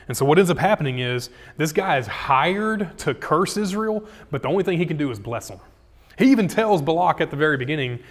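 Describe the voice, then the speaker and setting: A male pastor preaching a sermon in a casual, animated way, full of slang. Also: a little high, brisk. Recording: echoey hall.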